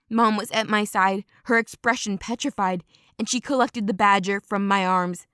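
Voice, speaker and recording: A woman narrating a first-person audiobook in a steady, dramatic storytelling manner. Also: mid-range voice, moderate pace, no room sound, clean studio sound.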